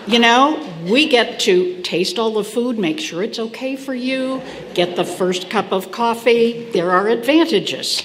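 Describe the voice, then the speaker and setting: Woman making church announcements in a hall. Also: a little high. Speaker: congregation volunteer making announcements. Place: church sanctuary. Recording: long hall reverb with faint ambience.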